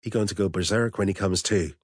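A man voicing a small, older male shopkeeper in an audiobook, calm and matter-of-fact. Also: low voice, quick pace, no echo, studio quality.

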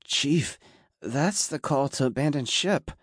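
A man voicing a nervous, cheeky young male sailor with a squeaky, cracking voice. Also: animated, slow, fairly bright tone, no room sound, studio quality. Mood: frightened.

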